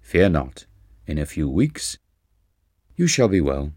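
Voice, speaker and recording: A man reading an audiobook, voicing a stern older guru who speaks gravely and with authority. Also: extremely low pitch, big pitch swings, a little mellow, no room sound, studio quality, full character voice. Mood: reassuring. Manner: grave, measured.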